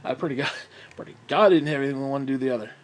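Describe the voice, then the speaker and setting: A man's voice: medium pitch, rapid-fire. A young man rambling through a casual, profane vlog monologue, often breaking into laughs and sighs. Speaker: vlogger.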